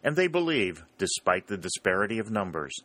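A man's voice: fairly low pitch, big pitch swings, fairly quick, fairly bright tone. A man voicing a weary, matter-of-fact army scout in a storybook reading.

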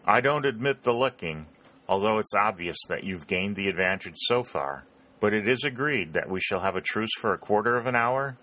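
Composed Union colonel, measured and authoritative; man reading the part, low and bright. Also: animated. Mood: firm. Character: Union regiment colonel, calm, generous commander.

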